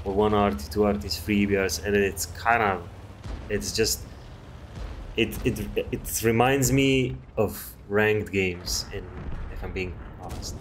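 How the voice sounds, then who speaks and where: A man's voice: fairly low pitch, measured pace, a little hiss or hum. A man casually commenting on a game replay, rambling and chatty, swearing freely. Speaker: gameplay commentator.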